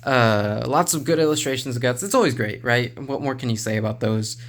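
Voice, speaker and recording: A man talks through a manga review in a relaxed, meandering way, filling his pauses with "uh" and the odd chuckle. His voice sits in an ordinary middle pitch. A faint ambient hiss is heard under the recording. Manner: relaxed, rambling, many "uh" fillers, chuckles to himself. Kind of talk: casual video review.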